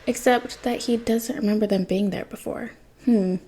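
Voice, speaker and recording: A woman narrating fan fiction for a podfic, her delivery even and unhurried. Her voice is mellow and slightly breathy, never sharp. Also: fairly high pitch, poor audio. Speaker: podfic reader.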